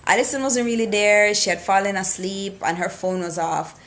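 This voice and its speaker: A woman talking casually and excitedly into her camera, recapping a TV episode and acting out the characters' lines. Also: mid-range voice, normal speed. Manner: excitable, animated retelling with quoted lines.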